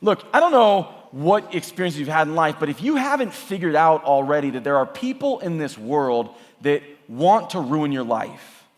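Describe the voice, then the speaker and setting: A man in his thirties, a youth pastor, preaching to a youth camp in a casual, animated way, full of "like"s. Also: fairly high pitch, moderate pace, long reverb tail. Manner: casual, animated storytelling with many "like"s. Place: large church hall or auditorium.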